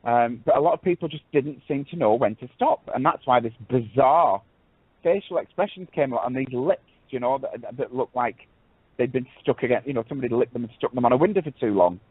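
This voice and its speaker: Fast, husky man chatting on radio. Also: mid-range voice, dry recording. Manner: rambling, self-correcting, fond of "darling". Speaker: co-host. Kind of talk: casual radio chat. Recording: tinny phone-like radio audio.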